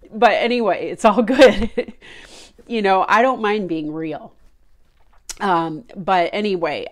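Slow, low-voiced woman giving earnest devotion. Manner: earnest, heartfelt, many fillers. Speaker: Christian devotional speaker. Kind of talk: informal devotional talk.

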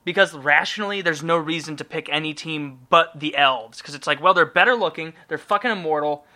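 Bright-voiced joking man on a podcast. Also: on the high side, brisk. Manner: joking, swears freely, laughs often. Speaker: podcast co-host. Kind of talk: casual chat.

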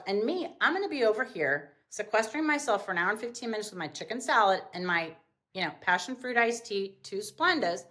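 A middle-aged woman, a business owner guest on a podcast, telling casual stories and acting out quotes with big jumps in pitch. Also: animated, fairly quick, pushed and bright. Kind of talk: casual storytelling in an interview.

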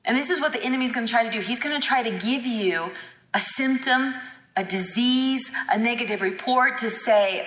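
Woman healing-school preacher, fervent and emphatic, bright, forceful voice, echoey hall. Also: fairly high pitch, normal speed. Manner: fervent and emphatic, acts out quoted dialogue. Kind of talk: teaching sermon. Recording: echoey hall with long reverb.

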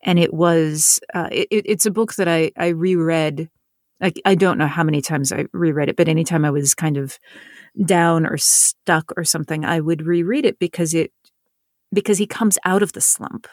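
A woman's voice: low-pitched, fairly even intonation, moderate pace, darkish tone, no room sound, clean studio sound. A woman from North Carolina, an author and narrator, talking in an interview in a thoughtful way, often restarting and repeating words. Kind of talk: conversational interview.

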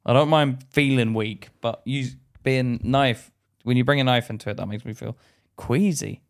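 A young British man co-hosting a podcast in casual chat, joking, laughing often and reading aloud haltingly. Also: mid-range voice, fairly even intonation, gravelly. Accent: British English. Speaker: podcast co-host.

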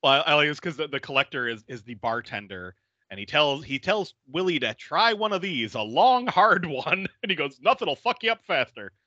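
A man hosting a podcast, casually recapping a horror film with animated storytelling and frequent laughter. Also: fairly high pitch, normal speed, no echo, muffled recording. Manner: animated storyteller, acting out quotes and laughing often. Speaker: podcast host. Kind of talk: casual movie recap chat.

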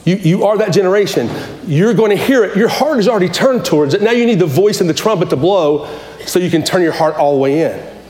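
Male pastor, high voice, passionate repetitive preaching, echoey room. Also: animated, quick pace, darkish tone. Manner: impassioned, repetitive preaching with restarts. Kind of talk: sermon.

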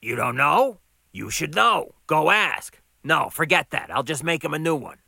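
A man voicing a gruff, gravelly older male diner owner who needles his staff. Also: on the high side, animated, a little slow, sharp tone, no echo, full character voice. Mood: needling. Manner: needling, bossy. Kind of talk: audiobook character voice.

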